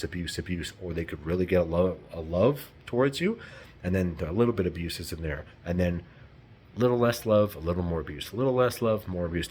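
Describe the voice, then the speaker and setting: A man's voice: low-pitched, husky. A man vlogging in a rambling, emphatic monologue full of swearing. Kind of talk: casual monologue to camera.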